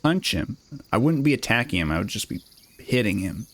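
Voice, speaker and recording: A man's voice: fairly low pitch, big pitch swings, brisk, fairly bright tone. A man giving joking, rambling let's-play commentary on a fantasy video game. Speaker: gaming video host. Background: game music.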